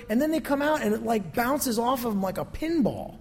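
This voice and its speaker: A man's voice: sits high, expressive, a little fast, hardly any pauses, darkish tone, a little hiss or hum. A male pastor giving a conversational sermon that is full of rhetorical questions, recorded in a church sanctuary. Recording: long reverb from a hall.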